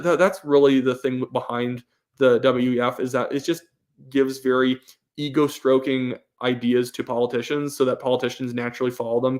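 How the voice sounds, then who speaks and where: A young man talks casually on his live stream. He reads questions from chat aloud and answers them with firm opinions, often stumbling, restarting and filling gaps with "uh". His voice sits at an ordinary middle pitch.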